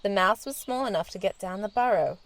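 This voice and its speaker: Lively, expressive woman storyteller. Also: medium pitch, brisk. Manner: gentle, expressive. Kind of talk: children's storybook narration.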